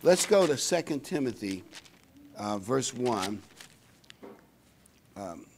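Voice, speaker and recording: An older man delivers a sermon in a folksy, conversational style, reading scripture aloud with a lively, rising and falling pitch. He often pauses with fillers while finding the next verse. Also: a little hiss or hum. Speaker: pastor.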